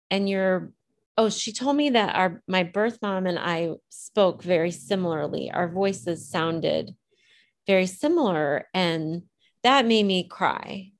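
A woman being interviewed, telling a personal story in a reflective, hesitant way, choosing her words with care. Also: fairly low pitch. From Illinois. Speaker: interview guest.

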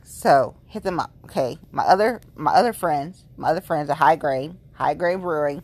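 A woman's voice: sits low, lively intonation, brisk, few pauses, slightly rough, dry recording. A woman in her late thirties chatting casually as a vlogger, rambling and gushing, repeating herself, a little tipsy. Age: late 30s. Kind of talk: casual chat.

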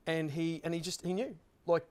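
Earnest man, slightly high voice. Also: fairly even intonation, moderate pace, a little mellow. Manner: earnest, rambling with many restarts. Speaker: panel guest. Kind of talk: heartfelt personal story in a group chat.

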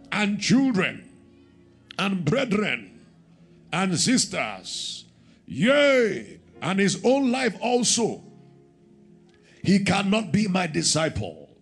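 Animated man preaching a sermon. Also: high-pitched, creaky, husky. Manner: animated, swings from shouting to hushed prayer.

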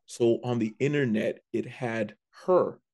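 A man, a comedian, telling a story in a casual chat, animated and prone to restarting his sentences. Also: mid-range voice, a little slow, husky. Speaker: comedian guest.

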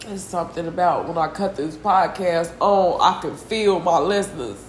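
A distressed, tearful woman hosting a solo confessional podcast, venting slowly and heavily with sighs and a lot of swearing. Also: on the low side, roomy sound, slight background noise. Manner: slow, heavy, profane venting with sighs. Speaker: podcast host.

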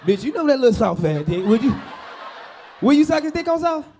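A man doing profane live crowd-work comedy on stage, loud and laughing at his own jokes. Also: very high voice, big pitch swings, brisk, a little hiss or hum. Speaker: stand-up comedian working the crowd. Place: live club show.

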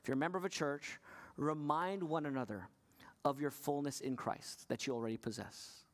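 At a normal speed, a male pastor questions his congregation during a sermon. His voice dips low and gentle, then climbs high and urgent.

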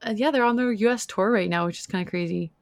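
A woman's voice: mid-range voice, fast, creaky, no echo. A woman co-hosting a podcast, chatting casually and telling stories with plenty of fillers. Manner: chatty storyteller, filler-heavy. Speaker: podcast co-host. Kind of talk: casual chat.

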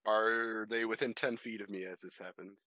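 A man's voice: fairly low pitch, steady tone, moderate pace, bright, forceful tone, no room sound, low-quality recording. A man playing in a tabletop role-playing game, talking hesitantly with many fillers. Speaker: player. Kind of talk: casual tabletop play.

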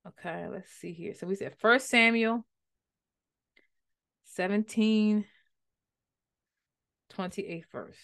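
A woman teaching the Bible on a podcast, animated and conversational, repeating words for emphasis. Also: mid-range voice, takes it slowly, vocal fry, long pauses, clear, resonant tone.

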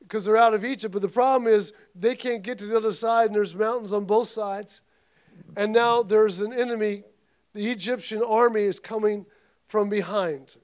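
A man preaching with a very high-pitched voice. He swings from chatty asides full of restarts to loud, emphatic declarations, urging his congregation on. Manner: impassioned preaching, rising to loud emphatic peaks; asides and restarts, conversational stretches. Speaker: pastor. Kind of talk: sermon.

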